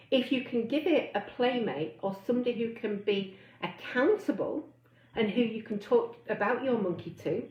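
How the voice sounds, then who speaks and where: A woman weight-loss coach giving a chatty live online talk, reading out comments and acting out inner voices. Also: medium pitch. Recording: roomy, slightly dull sound.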